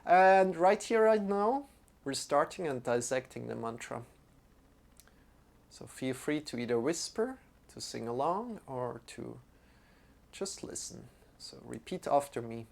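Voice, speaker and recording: A man teaching a live-streamed yoga class. He greets viewers by name and answers their chat comments in an unhurried way. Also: mid-range voice, sing-song, creaky. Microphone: streaming microphone.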